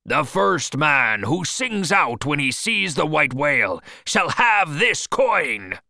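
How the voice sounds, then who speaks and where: A man voicing a wild, obsessed old sea captain who shouts his orders slowly and fervently, in a storybook reading. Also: lowish voice, huge pitch swings, creaky, dry recording, studio quality, full character voice.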